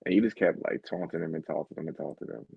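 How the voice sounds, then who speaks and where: A man with a low, gravelly, husky voice hosts a casual interview. His pitch swings widely as he teases his guest. The recording is dry and dull. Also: fast talker, no echo. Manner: teasing, playful, animated, acts out quotes. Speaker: interviewer, host.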